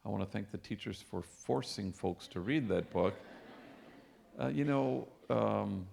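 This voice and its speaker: Priest, 50s, slightly gravelly voice, easygoing storyteller at a lecture. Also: male voice, fairly low pitch, a little slow. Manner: warm anecdotal storytelling with Spanish phrases. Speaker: priest and speaker. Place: lecture hall.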